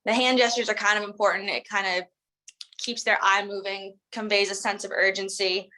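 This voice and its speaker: A woman's voice: medium pitch, steady tone, brisk, pushed and bright, poor audio. A woman coaching a sales team in a casual, chatty way, full of "like" and "um", acting out the lines they should say. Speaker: sales trainer. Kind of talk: casual instructional talk.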